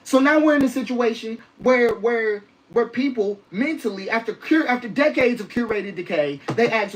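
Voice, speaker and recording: A woman's voice: fairly high pitch, animated, moderate pace, few pauses, a little hiss or hum, rough recording. A woman delivering spoken-word style commentary, emphatic and rhythmic, repeating phrases for weight.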